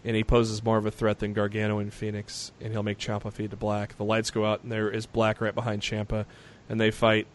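A man's voice: lowish voice, completely flat delivery, fairly quick, few pauses. A man co-hosting a podcast, recapping the news casually and rambling with frequent fillers and restarts. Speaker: podcast co-host.

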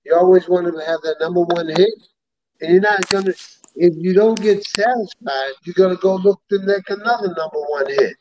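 Older man giving slow advice, muffled. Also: high voice, noisy background. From New York. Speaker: host, former boxing champion. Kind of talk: casual podcast interview. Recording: dull, dry lo-fi sound.

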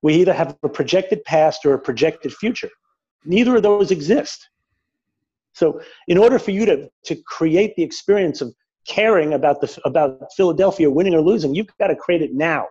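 A man speaking as a spiritual teacher in a reflective conversation, gentle and searching, often restarting his sentences. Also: on the high side, husky. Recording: dull lo-fi sound.

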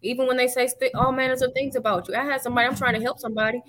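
A woman's voice: sits high, level tone, very fast, fairly bright tone, slight background noise, low-quality recording. A woman who hosts a faith talk show, speaking with an emphatic preaching cadence and repeating her phrases for weight. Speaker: prophetess and show host.

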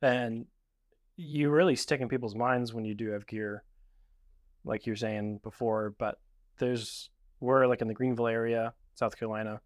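A man's voice: medium pitch, fairly even intonation, moderate pace, no room sound, clean studio sound. A man hosting a filmmaking podcast, talking in a laid-back, conversational way. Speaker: podcast host. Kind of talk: casual podcast interview.

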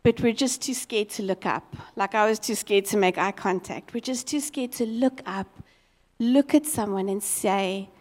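A woman preaching a sermon as a lively, expressive storyteller. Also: medium pitch, moderate pace, big-room sound.

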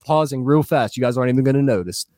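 A man in his thirties, high, hosting a casual podcast chat, swearing a lot and ending lines with "dude". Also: racing, darkish tone, no room sound, clean studio sound. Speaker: podcast co-host.

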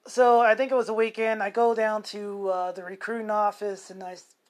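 A man's voice: high-pitched, little pitch movement, brisk. A man co-hosting a podcast, telling a long personal story in casual chat, rambling and profane with many restarts. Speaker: podcast co-host.

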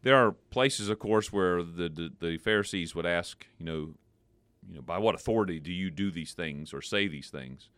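A man co-hosting a devotional podcast, explaining Bible verses in a conversational, animated way. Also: moderate pace, clean tone, no echo. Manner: animated, playful, jumps in pitch for emphasis.

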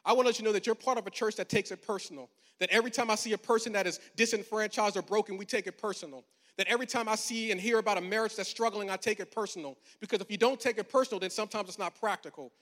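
High-voiced preacher in his forties, echoing hall. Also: rapid-fire, few pauses, a bit bright. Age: 40s. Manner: conversational and humorous, building to emphatic preaching. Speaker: pastor. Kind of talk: storytelling sermon. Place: large church auditorium. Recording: long hall reverb.

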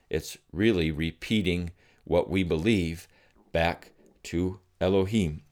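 Middle-aged guy, really deep voice, slow earnest devotional talk. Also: darkish tone. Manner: slow, earnest storytelling with reflective pauses. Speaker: Christian teacher. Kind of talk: devotional teaching.

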